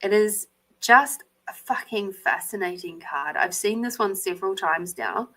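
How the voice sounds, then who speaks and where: An Australian woman hosting a live card reading, animated, swearing freely and laughing often. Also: medium pitch, unhurried, poor audio. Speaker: intuitive card reader, podcast host.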